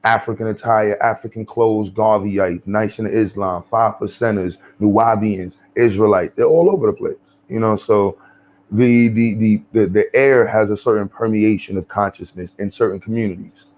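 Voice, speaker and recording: A man's voice: lowish voice, steady tone, normal speed, a little mellow. A man hosting his channel, giving blunt, profane off-the-cuff commentary. He rambles with many fillers and restarts.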